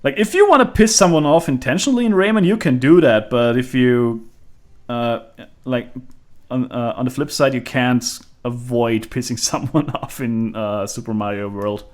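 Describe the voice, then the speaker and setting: A man's voice: medium pitch, moderate pace. A man in casual stream chat who laughs often and swears casually.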